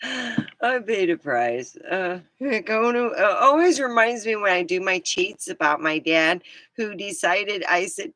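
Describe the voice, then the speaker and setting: A middle-aged woman vlogging in a rambling, casual chat, scattered and quick to laugh. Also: medium pitch, animated, sharp tone, no echo. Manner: chatty, scattered, laughs a lot.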